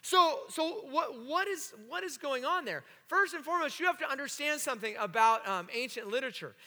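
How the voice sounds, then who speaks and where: A pastor preaching a sermon to his congregation, animated and joking with the room. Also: very high-pitched, fairly quick. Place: church sanctuary. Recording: long hall reverb.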